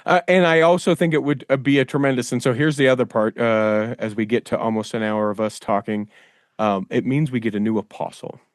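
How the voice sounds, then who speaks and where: A man's voice: mid-range voice, a little fast, dry recording, studio quality. A man hosting a podcast in casual chat, rambling and thinking aloud with many fillers. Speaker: podcast host.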